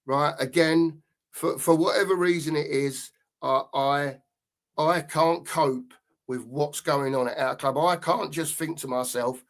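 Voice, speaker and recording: A middle-aged man hosts a live football show, venting in an angry, sweary rant that circles back on itself. His voice sits a little high for a man. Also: a bit bright. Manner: angry, sweary, repeats himself. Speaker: podcast host.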